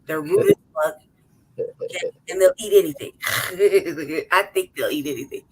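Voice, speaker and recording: This podcast co-host, raised in the city, recounts a story in profane, casual chat, animated, laughing often, and imitating what others said. Her fairly low voice is creaky and slightly rough at a measured pace, captured in a low-quality recording.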